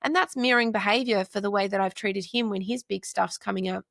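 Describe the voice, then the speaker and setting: A woman in her forties speaks as a podcast guest in a relaxed interview, with a gravelly edge of vocal fry running under a mid-pitched voice. She talks earnestly and builds long lists of short phrases. The sound is close and dry. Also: fairly quick, hardly any pauses, dry recording. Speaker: podcast guest, mother and counselor. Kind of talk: casual interview chat.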